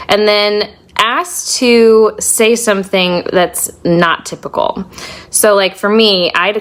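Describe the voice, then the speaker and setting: A woman's voice: mid-range voice, fairly bright tone. A woman hosting a podcast, opening the episode in a bubbly, casual way with lots of fillers. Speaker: podcast host. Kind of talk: casual chat.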